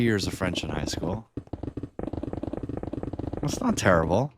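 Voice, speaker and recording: Laid-back male streamer, low voice, rambling chat over noticeable background noise. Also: sing-song, slow pace. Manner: rambling, chuckling between thoughts. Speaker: livestreamer. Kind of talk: casual livestream chat.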